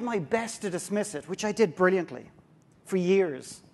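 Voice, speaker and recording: A man's voice: sits high, lively intonation, moderate pace, a little mellow. An Irish man giving a humorous, story-driven talk from a stage to an audience. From Ireland. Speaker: speaker. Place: stage before a live audience.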